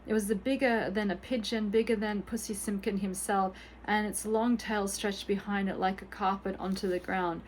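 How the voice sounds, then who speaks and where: A woman reading a children's storybook aloud in a gentle, expressive bedtime-story manner. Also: medium pitch, moderate pace, hardly any pauses, slight background noise, poor audio.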